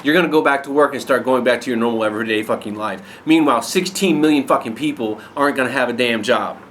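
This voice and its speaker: Pissed-off guy ranting to camera, swears constantly, mid-pitch voice, bit of hiss behind. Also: fast talker, a bit bright. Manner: angry, blunt, heavy swearing. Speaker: vlogger ranting to viewers. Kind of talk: angry profane rant to camera.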